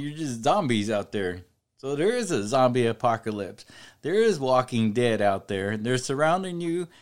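A man giving an informal Bible study talk, reading verses and explaining them in a conversational way, often saying "you know" and building up to emphatic preaching. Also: medium pitch. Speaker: Bible teacher.

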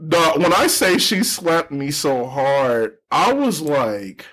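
A young man with a husky voice tells a story on a podcast in loose, slangy chat. His pitch jumps around a lot as he acts out what others said. He sounds casual and close to the mic. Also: takes it slowly. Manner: animated storyteller, slangy, acts out quoted people. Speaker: podcast co-host.

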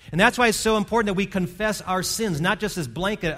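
A man's voice: a little high, big pitch swings, fast talker, fairly bright tone. A man preaching a sermon from a church stage, earnest and conversational, often restarting his words. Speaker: pastor. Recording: long hall reverb.

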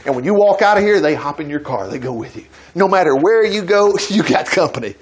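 Male preacher at church, folksy storytelling, voice jumps all over, pretty high. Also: fairly quick, breathy edge. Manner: animated storytelling with folksy asides and laughs. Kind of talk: sermon. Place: church service.

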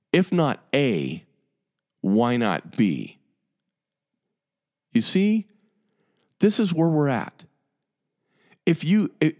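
A man's voice: mid-range voice, darkish tone. A man in his fifties, a dentist of long standing, delivering an impassioned and exasperated monologue to his colleagues, repeating and stressing his points. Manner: emphatic, exasperated, repeats himself.

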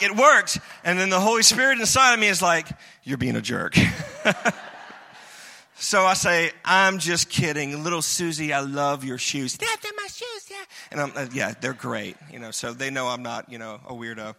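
High, bright preacher in a reverberant hall. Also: male voice. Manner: storytelling, mimics voices, chuckles often. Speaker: pastor. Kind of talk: humorous sermon. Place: church sanctuary.

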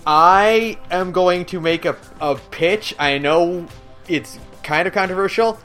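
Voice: mid-range voice, takes it slowly, a bit bright, faint music behind. A podcast co-host in casual chat, chatty, easygoing and enthusiastic.

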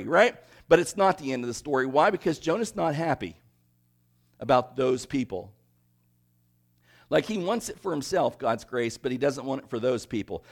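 Brief: male pastor preaching, lively and talky, voice sits a bit high. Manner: animated, conversational, asks the congregation questions. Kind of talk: sermon.

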